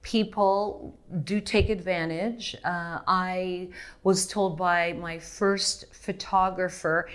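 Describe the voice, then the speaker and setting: Medium in pitch and a bit bright, this middle-aged Montreal woman is being interviewed. Her candid, animated answers come with frequent laughs and sentences she keeps starting over.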